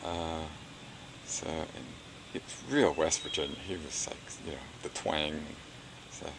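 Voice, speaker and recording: A man's voice: a bass voice, measured pace, background noise. An older man recounting his past in an oral history interview, rambling and chuckling, with many "you know"s.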